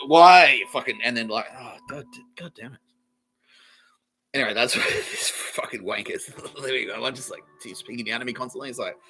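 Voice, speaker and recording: A man hosting a comedy podcast, ranting and swearing, often breaking into high-pitched giggles mid-sentence. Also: brisk, sharp tone, soft background music, rough recording. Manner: swearing, laughing through his words, bursts of high-pitched giggling. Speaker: podcast host. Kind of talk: rambling comedic rant.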